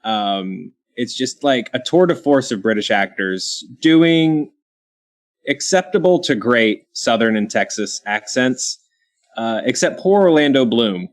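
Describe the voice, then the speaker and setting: A man from Kentucky hosting a casual panel chat, talking in quick asides full of ums and restarts. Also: medium pitch, lively intonation. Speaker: show host.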